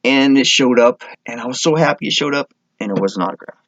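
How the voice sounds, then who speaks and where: A man from Minnesota talks casually to his camera, rambling along, correcting himself and enthusing as he goes. His voice sits at a middle pitch. The sound is close and dry, with a dull, lo-fi tone. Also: fairly quick, a bit bright, no echo. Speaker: vlogger.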